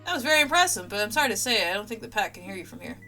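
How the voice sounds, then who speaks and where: A woman's voice: medium pitch, very animated, sharp tone, soft background music. A woman voicing a cheerful female lab AI assistant who talks in a chipper, clinical way. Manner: chipper, clinical, briskly upbeat.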